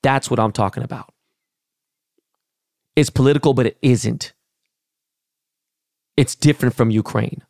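A middle-aged man from Los Angeles hosts his podcast in a blunt, heated, profane rant. His voice carries a gravelly fry at mid pitch. The sound is close and dry, with no room around it. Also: fairly even intonation, unhurried, long pauses, a little mellow, no room sound. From Los Angeles, California. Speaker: podcast host. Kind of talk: casual rant.

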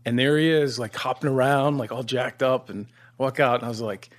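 A man guesting on a podcast, recalling a story in a relaxed, halting way and laughing easily. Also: medium pitch. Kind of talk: casual chat.

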